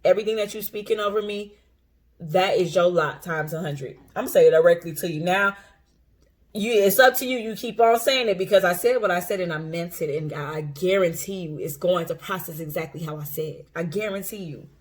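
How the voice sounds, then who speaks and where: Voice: medium pitch, brisk. An intuitive coach talking casually to camera, blunt and profane, repeating phrases for emphasis and laughing often. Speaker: intuitive coach and tarot reader. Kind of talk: casual unscripted monologue to camera.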